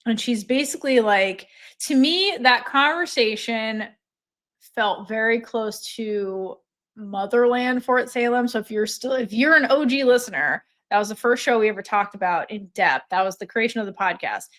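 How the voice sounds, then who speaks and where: A woman's voice: fairly high pitch, moderate pace. A woman co-hosting a podcast in casual chat, retelling scenes with acted-out lines and swearing freely. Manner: animated retelling, swears freely, acts out characters. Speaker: podcast co-host.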